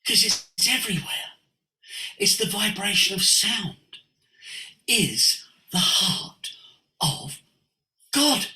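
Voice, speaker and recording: A man's voice: high voice, slow, long pauses. A man, a voice coach, giving a passionate, preachy teaching talk over a video call. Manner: animated and preachy, sweeping emphasis. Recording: roomy echo.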